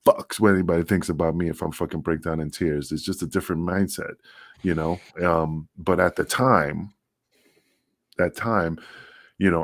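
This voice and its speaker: A man's voice: low voice, no echo, clean studio sound. A middle-aged man, a former wrestler co-hosting a podcast, talking bluntly and emphatically in casual conversation, cursing freely and often restarting his sentences.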